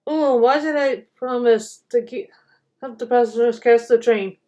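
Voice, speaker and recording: A woman voicing an anxious, excitable male bus in a storybook reading, tooting and wailing loudly as he races a train. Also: a little slow, dull audio, natural voice. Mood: groaning. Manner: wailing, tooting, loud and high.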